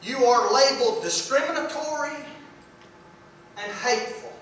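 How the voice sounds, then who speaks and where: High-voiced preacher in an echoey room. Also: male voice, moderate pace, fairly bright tone, distant mic, slight background noise. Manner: folksy, emphatic, repeats words for stress. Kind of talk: sermon.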